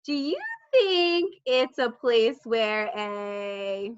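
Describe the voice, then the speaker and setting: A high-pitched, bright woman's voice swooping up and down as she teaches small children. She talks slowly in an exaggerated, encouraging sing-song and praises often. The recording sounds dull and lo-fi. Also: animated, clear, resonant tone. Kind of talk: child-directed lesson.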